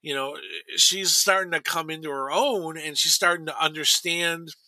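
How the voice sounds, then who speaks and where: A man in his forties talks loosely on a podcast, with a very bright, edgy tone that sits a little high for a man. He rambles along, full of fillers and restarts. The sound is dry and close. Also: steady tone, moderate pace, dry recording. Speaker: podcast co-host. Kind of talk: casual chat.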